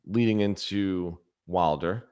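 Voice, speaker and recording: Deep male co-host, blunt, opinionated, repeats himself. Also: slow pace, darkish tone, clean tone. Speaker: boxing podcast co-host. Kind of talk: casual sports chat.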